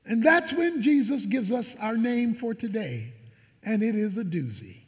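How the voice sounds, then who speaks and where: A man's voice: sits high, big pitch swings, measured pace, in a large hall. A man preaching a sermon as pastor, with emphatic repetition and fervent delivery.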